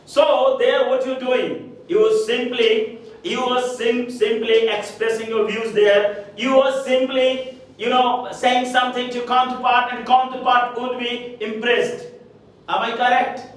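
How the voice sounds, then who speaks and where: A man's voice: very high voice, little pitch movement, a little slow, distant mic. A man with an Indian English accent teaching a spoken English lesson, repeating set phrases over and over and checking with "correct?" and "okay?". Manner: repetitive, drilling phrases with rhetorical checks. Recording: very echoey room, voice from afar.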